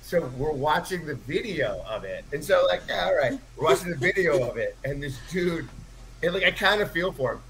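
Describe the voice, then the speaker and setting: A man's voice: on the high side, moderate pace, vocal fry, slight background noise, low-quality recording. A man telling a rowdy bar story in casual chat, swearing and laughing along. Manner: animated storyteller, profane, laughs mid-story.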